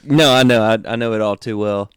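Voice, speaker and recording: A man's voice: fairly low pitch, brisk, smooth, no echo. A man with a Southern US accent, co-hosting a podcast with casual, crude, joking banter. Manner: joking, teasing, laughs often. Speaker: podcast co-host.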